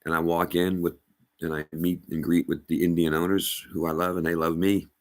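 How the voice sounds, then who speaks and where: Middle-aged man, very low voice, emphatic halting personal testimony. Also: level tone. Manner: halting, emphatic, with many restarts. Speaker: storyteller addressing a rabbi.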